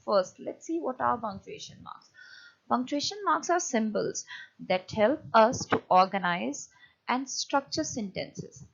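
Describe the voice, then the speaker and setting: A woman teacher giving a lecture on punctuation, often pausing and restarting as she explains. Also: a little high, animated, vocal fry, muffled recording. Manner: hesitant, many fillers and restarts while explaining.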